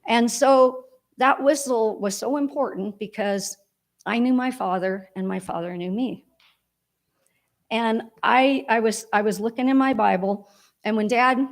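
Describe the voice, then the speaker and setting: A woman giving a heartfelt, rambling eulogy for her father at a church memorial service. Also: fairly high pitch.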